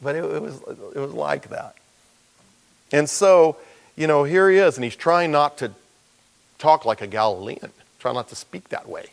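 A man's voice: a little high, moderate pace, gravelly. A middle-aged man preaching a sermon to his congregation, acting out the characters as he tells the story. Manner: animated, acts out the voices of the characters in the story. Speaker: pastor.

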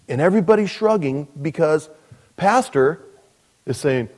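A man, a pastor, preaching a sermon in a relaxed, joking way, with lots of asides. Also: medium pitch, measured pace, long pauses. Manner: conversational, joking, frequent "you know" asides. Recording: long reverb of a large hall.

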